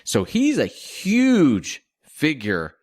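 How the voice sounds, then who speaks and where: A man's voice: a little high, huge pitch swings, drawn-out words, darkish tone, no echo. A man co-hosting a podcast in casual chat, picking apart film details as he thinks aloud. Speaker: podcast co-host.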